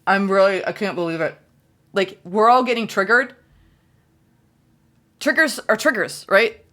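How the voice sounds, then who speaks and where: A woman giving a solo tarot reading, excitable and gushing, repeating phrases for emphasis. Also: medium pitch, unhurried. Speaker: tarot reader.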